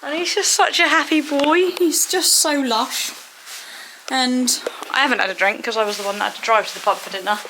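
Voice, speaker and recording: A woman with a high voice talks briskly against a noisy background. Vlogging outdoors and in a stable at a horse event, she chats affectionately to her horse, emotional and close to tears, in a casual vlog style.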